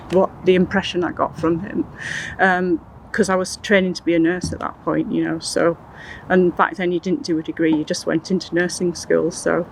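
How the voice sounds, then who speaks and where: An older woman recounting her personal experiences in an interview, in an earnest, halting way with many restarts. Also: on the low side, slight background noise, rough recording. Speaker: interview guest.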